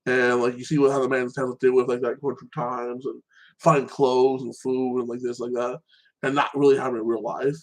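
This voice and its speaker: A man's voice: medium pitch, flat delivery, brisk, poor audio. A man hosting a casual solo chat, rambling through TV episode recaps and filling his talk with "like that" and "you know". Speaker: show host.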